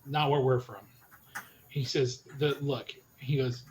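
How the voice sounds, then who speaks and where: A man serves as storyteller for a tabletop game. He hands over a character's dialogue in loose retellings, tagging nearly every line with "he goes." His pitch sits in the middle, and faint noise runs underneath. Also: steady tone, takes it slowly, a little mellow, rough recording. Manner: retells NPC speech with frequent "he goes".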